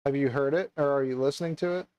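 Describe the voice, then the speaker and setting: A man's voice: medium pitch, fast, smooth, no room sound, dull audio. A young man co-hosting a casual chat, rambling and hesitant with many fillers and restarts. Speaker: podcast co-host.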